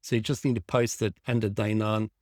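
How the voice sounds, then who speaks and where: A man's voice: fairly low pitch, flat delivery, a little fast, darkish tone, dry recording, clean studio sound. A man teaching a design tutorial over a screen share, thinking aloud with enthusiasm as he clicks through images. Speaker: design instructor.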